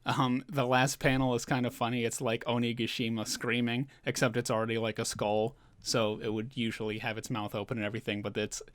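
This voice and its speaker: A man's voice: medium pitch, flat delivery, fairly quick, hardly any pauses, a bit bright, no echo. A man giving a casual, loose recap of a manga chapter, chuckling now and then and talking with plenty of fillers. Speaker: manga reviewer.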